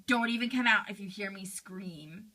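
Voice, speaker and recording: A woman's voice: mid-range voice, expressive, moderate pace, sharp tone. A woman voicing a teenage girl in a fan role-play interview, retelling a frightening night with lots of "like". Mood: shaken. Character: teen girl friend, shaken storyteller.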